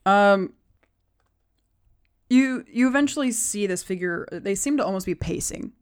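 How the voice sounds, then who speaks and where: A woman narrating a tabletop game as game master, pausing often with ums. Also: medium pitch, lively intonation, clean tone. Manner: halting, with many ums.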